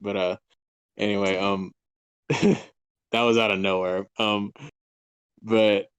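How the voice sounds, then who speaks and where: A man's voice: fairly low pitch, flat delivery, slow pace, smooth, no echo. A man in his twenties, a guest author, rambling through a casual interview, laughing often and trailing off mid-sentence. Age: 20s.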